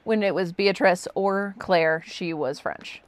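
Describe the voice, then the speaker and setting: A young woman co-hosting a casual book chat, chatty and animated. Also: fairly low pitch, a little slow, dry recording. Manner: chatty, animated, fond of quoting characters. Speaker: podcast co-host.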